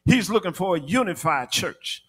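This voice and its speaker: High-voiced preacher man, rhythmic delivery. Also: expressive, normal speed, breathy edge. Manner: rhythmic preaching that swells into shouted, half-sung cadences. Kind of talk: sermon. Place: church.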